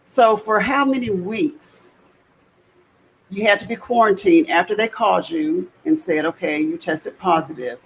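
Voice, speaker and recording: A woman's voice: lowish voice, measured pace, breathy edge, rough recording. A woman interviewing a guest, asking follow-up questions and giving short affirmations. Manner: probing questions, brief affirmations. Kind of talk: conversational interview.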